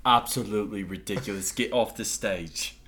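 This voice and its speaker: A man co-hosting a podcast in casual comedic chat, tossing in quick joking questions and remarks. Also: fairly low pitch, a bit bright, slight background noise.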